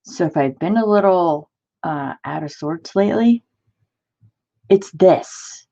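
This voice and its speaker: A woman's voice: lowish voice, lively intonation, slow, vocal fry, warm tone, muffled recording. A woman hosting a crafting stream, venting in casual chat and answering viewers in the chat. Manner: exasperated, talks to live chat viewers. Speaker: crafting channel host.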